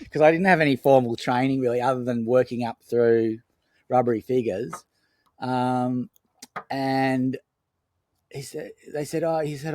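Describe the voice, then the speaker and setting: A film director, a man, rambles through anecdotes as a podcast guest in a casual storytelling interview, full of fillers and restarts. His voice is mid-range and darkish, at a normal speed, with no echo.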